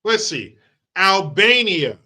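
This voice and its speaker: A man's voice: high voice, big pitch swings, slow, sharp tone. A crude, mocking male commentary host. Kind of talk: profane political rant.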